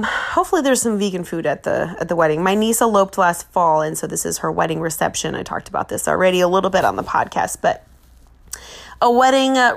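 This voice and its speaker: Gravelly-voiced woman in her forties. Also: mid-range voice. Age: 40s. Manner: rambling and chatty, with fillers and self-corrections. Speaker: podcast host. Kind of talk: casual chat.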